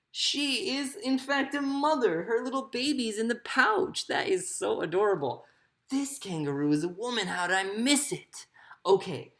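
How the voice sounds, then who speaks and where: A woman acting teacher walks through a children's storybook, explaining character choices in a playful, expressive way. Her pitch rises and falls a great deal. She speaks at an unhurried pace. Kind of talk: teaching read-aloud acting lesson.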